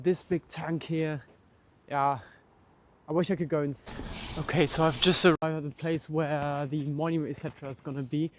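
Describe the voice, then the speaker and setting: A man's voice: fairly high pitch, darkish tone, a little hiss or hum. A young man vlogging outdoors as he walks, rambling casually with many restarts and fillers. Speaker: travel vlogger. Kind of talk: walking vlog commentary. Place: outdoors at a large war memorial park.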